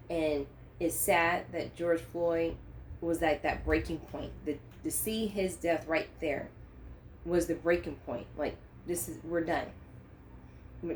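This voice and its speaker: Choked up, a woman vlogger talks about her Christian faith to camera without a script, her low voice earnest and impassioned. Her speech climbs to emphatic high points, and faint hiss sits under the recording.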